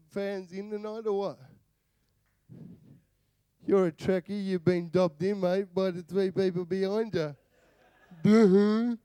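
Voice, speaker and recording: An Australian man doing a stand-up comedy set, bantering with the crowd in a slow drawl. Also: high-pitched, warm tone, smooth, no echo. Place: live venue with audience.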